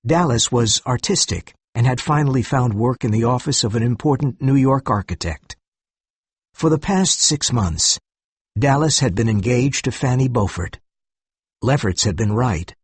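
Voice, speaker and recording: Husky male story narrator. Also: mid-range voice, a little mellow, no room sound. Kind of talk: scripted story narration for learners.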